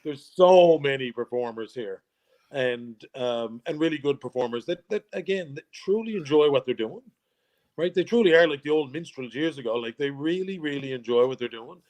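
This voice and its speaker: In a relaxed interview, a male guest from Newfoundland, Canada, spins jokey stories, frequently laughing and restarting phrases. He has a mid-range, darkish voice with lively intonation and normal speed.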